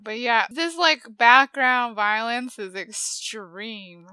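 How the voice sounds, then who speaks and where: A woman co-hosting a casual chat, reacting quickly and adding asides. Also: a little high, expressive, pushed and bright, clear, resonant tone. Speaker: podcast co-host.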